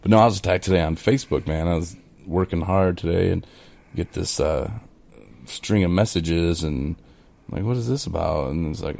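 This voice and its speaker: Male co-host, low and gravelly, loose chatty delivery that leans into quoted back-and-forth. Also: brisk, darkish tone. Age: adult in recovery, speaking of early sobriety. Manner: conversational, with many fillers, acts out his own quoted replies. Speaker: podcast co-host. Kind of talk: casual chat.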